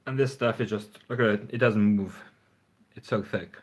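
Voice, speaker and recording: A man's voice: lowish voice, normal speed. A man chatting casually and frankly on a phone livestream, rambling and swearing now and then. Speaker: fragrance reviewer. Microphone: phone front camera.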